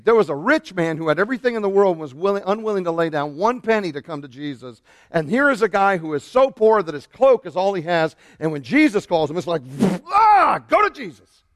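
A middle-aged man, a pastor, preaching a lively sermon and shouting out the lines he quotes. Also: sits high, dry recording, studio quality.

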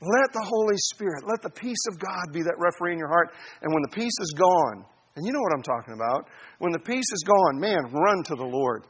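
A man preaching a sermon, animated, addressing his listeners as saints and acting out little voices. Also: on the high side, fairly quick, husky. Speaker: pastor.

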